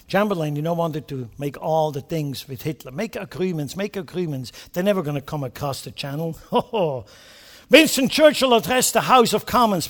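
A male preacher giving an impassioned sermon, speaking straight to the congregation with rhetorical questions and sudden loud emphatic bursts. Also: on the high side, big-room sound. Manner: impassioned, swinging between quiet asides and loud emphatic bursts.

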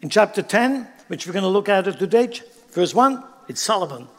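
A man's voice: high voice, very animated, fairly quick, fairly bright tone. A pastor preaching a sermon in an emphatic way, often putting rhetorical questions to his congregation. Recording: long hall reverb.

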